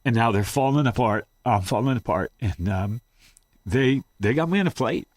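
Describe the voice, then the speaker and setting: A man telling a grieving personal story as an interview guest, halting and acting out his own past words in quotes. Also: medium pitch, expressive, no room sound.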